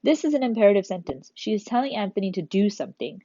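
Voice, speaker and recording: A woman teacher walking young pupils step by step through a recorded lesson, in an animated manner. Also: mid-range voice, fast talker, no echo, dull audio. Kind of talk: recorded remote class lesson.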